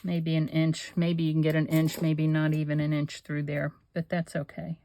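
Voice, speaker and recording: This older craft-channel host rambles and chats to herself as she works, keeping things casual. Her deep, mellow voice stays monotone at a moderate pace, recorded without echo.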